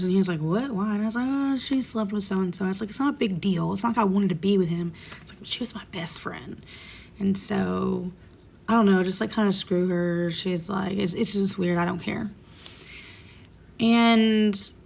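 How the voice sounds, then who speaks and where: Woman, 30s, vlog storyteller, candid and emotional, gravelly edge. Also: medium pitch, moderate pace, darkish tone, slight background noise. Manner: candid, emotional, drops into whispers. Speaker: vlogger. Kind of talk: casual storytime monologue.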